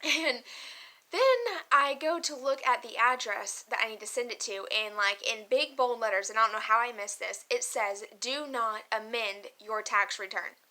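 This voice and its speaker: A woman's voice: on the high side, moderate pace, bright, forceful tone. A young woman chatting casually to camera as a vlogger, emotional and talkative, often laughing and using many fillers.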